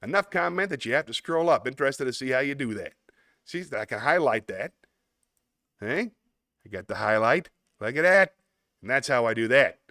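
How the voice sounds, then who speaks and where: A man's voice: mid-range voice, normal speed, long pauses, dry recording, clean studio sound. Chatty man hosting a live stream. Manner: chatty, rambling, laughs often, animated bursts. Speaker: host. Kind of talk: casual live-stream chat reading comments.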